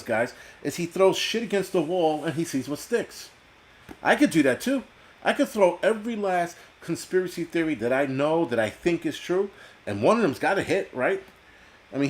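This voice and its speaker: A man's voice: fairly high pitch, very animated, moderate pace. A man hosting a live stream, ranting casually and bluntly with a lot of swearing and reading out viewer comments. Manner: profane, blunt, reads chat aloud. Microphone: computer mic on a video call.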